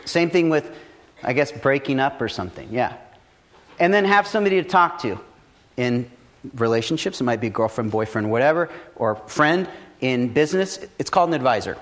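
A man's voice: medium pitch, moderate pace. Blunt, profane man giving business advice. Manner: profane, blunt, animated storytelling. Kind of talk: casual motivational talk.

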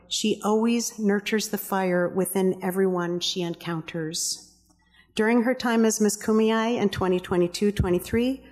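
A woman reading speaker introductions at a public event in a measured, formal way, as host and co-curator. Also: mid-range voice, a little mellow. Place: aquarium event hall. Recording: long reverb of a hall.

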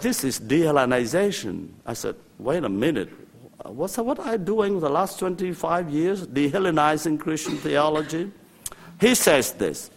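Slow, animated older lecturing man. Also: fairly high pitch. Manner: animated, repeats words, quotes and asides to students. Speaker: theology lecturer. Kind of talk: university lecture.

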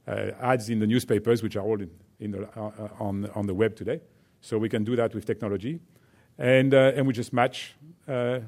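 A man's voice: mid-range voice, darkish tone. A man with a French accent, a company executive giving a chatty business talk to students, full of fillers and "right?" check-ins.

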